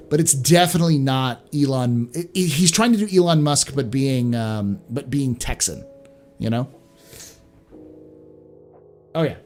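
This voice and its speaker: Male live-stream host, casual, halting, faint background music. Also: fairly high pitch, a little mellow. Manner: halting, repeats words, chatty.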